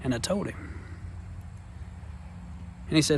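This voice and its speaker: A man's voice: a little high, normal speed, pauses often, a little hiss or hum. A man in his thirties telling a heartfelt personal testimony in an earnest, rambling way. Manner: earnest, rambling, Southern-style phrasing. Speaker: vlogger sharing personal testimony.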